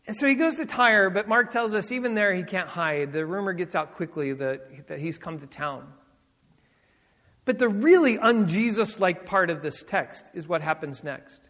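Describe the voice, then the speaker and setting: A middle-aged man, a senior pastor, preaching with personal stories, animated and acting out voices, laughing often. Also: sits high, moderate pace, big-room sound. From Southern California.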